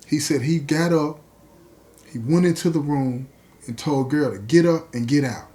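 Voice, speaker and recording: Male podcast host, a touch high in pitch, tells a story with animated, chatty delivery. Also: moderate pace. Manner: animated, conversational retelling, addresses listeners directly.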